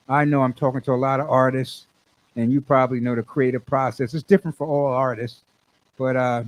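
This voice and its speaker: This medium-pitched man is a singer-songwriter telling a wandering story in a casual monologue, and the audio is poor. He often restarts, repeats himself, and acts out the things he said.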